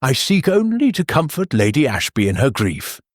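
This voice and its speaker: A man's voice: medium pitch, huge pitch swings, normal speed, no echo, studio quality, voice pushed up. A man voicing a serene but uneasy village vicar who insists earnestly. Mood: insistent.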